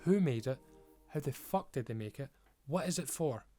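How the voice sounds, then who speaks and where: A man's voice: mid-range voice, animated, moderate pace, dark tone, soft background music. A man giving an emphatic, frustrated rant as a video creator, swearing often. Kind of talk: ranting commentary.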